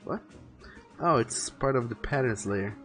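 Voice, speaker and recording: A man's voice: medium pitch, animated, measured pace, a bit bright. Rambling man streaming while drawing. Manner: rambling, thinks aloud, repeats words. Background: faint music playing.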